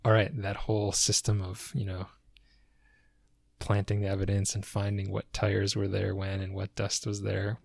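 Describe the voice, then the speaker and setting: A man's voice: fairly low pitch, completely flat delivery, measured pace, creaky, no echo, clean studio sound. A man co-hosting a podcast, talking through a book in a thoughtful, hedging way and searching for words. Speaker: podcast co-host. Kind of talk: casual book discussion.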